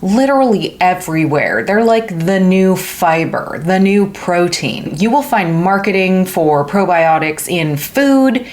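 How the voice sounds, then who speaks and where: A woman's voice: lowish voice, measured pace, few pauses. Playful woman hosting a science explainer. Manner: playful, jokey, animated delivery. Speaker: educational video host.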